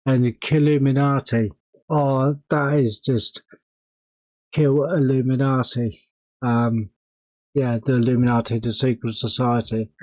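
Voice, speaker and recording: Male reaction host, mid-pitched, loose chatty delivery, dry sound. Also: steady tone, measured pace, darkish tone, dry recording, poor audio. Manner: rambling, swears, laughs often. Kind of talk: casual reaction commentary.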